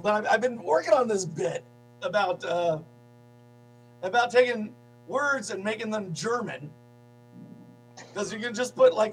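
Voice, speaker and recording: Man, very high pitch, foul-mouthed comic, faint music behind. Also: rough recording. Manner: profane, joking, bursts into mock outrage. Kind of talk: casual comedic chat.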